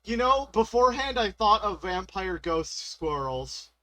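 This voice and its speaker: A man's voice: high-pitched, big pitch swings, a little slow, sharp tone. A man co-hosting a casual gaming chat, joking and giggling a lot.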